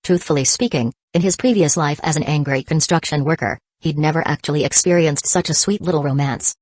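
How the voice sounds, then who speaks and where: A woman narrating an audiobook in a steady, even reading. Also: low voice, brisk, no echo. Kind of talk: scripted narration.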